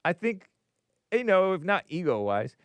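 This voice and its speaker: A man's voice: sits high, big pitch swings, moderate pace, dry recording. A man hosting a live call-in show in a rambling, jokey way, laughing at his own asides. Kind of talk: casual live-stream chat, reading viewer messages.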